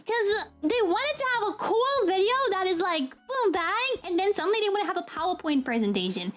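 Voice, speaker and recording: A young woman streamer chatting casually with her viewers, telling an animated, ranting story and laughing often. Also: extremely high pitch, quick pace, faint music behind. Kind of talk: casual live-stream chat.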